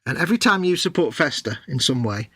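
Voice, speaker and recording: Joking man with a bright husky voice. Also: fairly high pitch, big pitch swings, fast, no room sound. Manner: jokey, teasing, goes off on silly tangents. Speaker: co-host. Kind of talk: casual chat on a live stream.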